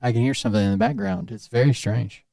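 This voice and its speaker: A man's voice: mid-range voice, big pitch swings, quick pace, creaky, warm tone, no room sound, clean studio sound. A man hosting a casual live stream, muttering to himself as he troubleshoots his microphone. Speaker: stream host. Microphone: studio mic through a podcast mixer.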